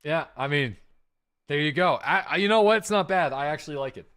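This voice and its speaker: A man's voice: fairly high pitch, brisk, clear, resonant tone. A man streaming a game live, chatting casually with his viewers and thanking subscribers by name. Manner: relaxed and chatty, with frequent fillers and asides to chat. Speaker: livestreaming gamer and host.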